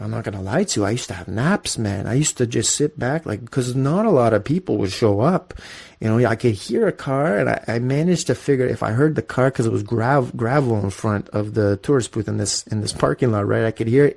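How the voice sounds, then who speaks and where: A Canadian man in his forties, a podcast host telling casual, profane stories in an animated way. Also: lowish voice, vocal fry. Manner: animated, profane, storytelling with acted-out quotes. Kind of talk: casual storytelling monologue.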